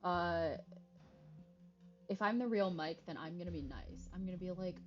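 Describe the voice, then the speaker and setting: A woman's voice: fairly low pitch, normal speed, pauses often. A woman streamer playing a game, reading dialogue choices aloud with casual jokes and frequent swearing. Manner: reads dialogue choices aloud, swears freely, jokey asides. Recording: slightly dull lo-fi stream audio with faint music.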